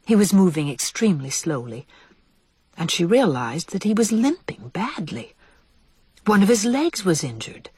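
A woman narrating a children's storybook aloud, expressive and hushed in tense parts. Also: medium pitch, moderate pace, husky, no echo. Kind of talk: storybook reading.

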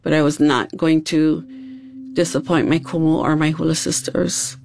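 A woman's voice: low voice, little pitch movement, normal speed, creaky, a little mellow, dry recording. A woman, a hula dancer telling her own story in an earnest, reflective way. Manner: earnest, reflective, recalls events step by step. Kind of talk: personal storytelling. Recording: music playing underneath. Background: background music.

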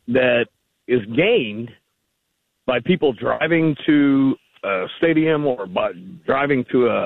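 A man phones in to a radio show, his voice gravelly and rough. He argues in a rambling way, full of fillers. The sound is tinny and dry, like a phone line. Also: medium pitch, no room sound. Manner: argumentative, rambling, many fillers. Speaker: caller. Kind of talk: call-in radio conversation.

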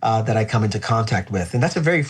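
Husky-voiced pastor, reflective and earnest. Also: male voice, lowish voice, expressive, racing. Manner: reflective, earnest, with frequent "uh" fillers. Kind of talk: conversational podcast interview.

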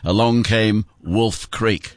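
Older aussie radio host guy, lowish voice, dry studio sound, laughs a lot. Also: slow, dry recording. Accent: Australian. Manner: chatty, laughs often, many fillers. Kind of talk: radio interview.

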